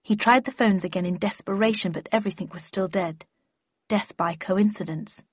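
Husky-voiced woman narrating an audiobook. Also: mid-range voice, normal speed, no room sound, lo-fi sound. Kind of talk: first-person audiobook narration.

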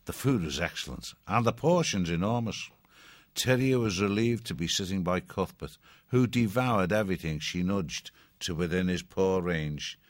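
Deep-voiced male audiobook narrator. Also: moderate pace. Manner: steady, descriptive.

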